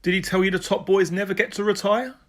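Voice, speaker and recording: A man's voice: high-pitched, fast talker, a bit bright, pitched above the performer's own voice. A man voicing a Welsh police sergeant who talks in a blunt, teasing way, with a Welsh accent. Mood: joking. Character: Welsh male police sergeant, jokey and crude.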